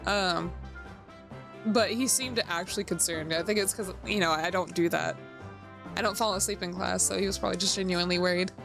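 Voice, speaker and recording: A woman's voice: lowish voice, steady tone, a little fast, vocal fry. A young adult woman chatting casually and swearing freely while streaming a game, over background music.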